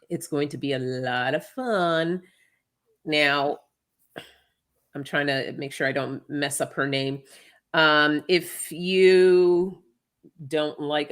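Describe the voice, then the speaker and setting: Low-voiced woman hosting a chatty livestream. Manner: chatty, laughs often. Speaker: livestream co-host and tarot reader. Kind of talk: casual livestream chat.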